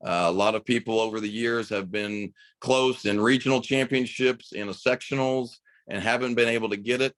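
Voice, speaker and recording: A middle-aged man from the United States, a high school basketball coach and radio broadcaster, telling a story with enthusiasm in a podcast interview. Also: steady tone, moderate pace, few pauses, fairly bright tone, dry recording.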